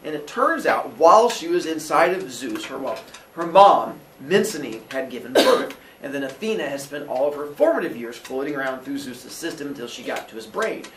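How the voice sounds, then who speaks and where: A man's voice: medium pitch, normal speed, distant mic. Fields: speaker: playful man, storyteller. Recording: roomy, off-mic. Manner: playful, jokey, animated. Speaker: host and storyteller, father. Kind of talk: casual retelling of a myth.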